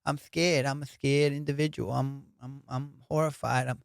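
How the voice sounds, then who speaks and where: A man doing an impression of a famous boxer, a soft-spoken man who talks in a halting, childlike way. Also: mid-range voice, flat delivery, creaky, no echo, clean studio sound, close to an everyday voice. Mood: nervous.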